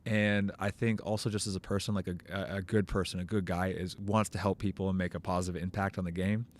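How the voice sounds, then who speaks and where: A man, a professional soccer player, answering interview questions casually with halting, hesitant phrasing. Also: deep voice, flat delivery.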